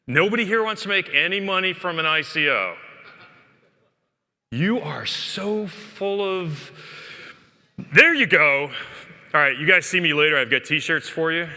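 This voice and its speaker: A man giving a joking, animated conference talk, speaking straight to the audience in a conference hall. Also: on the high side. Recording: long hall reverb.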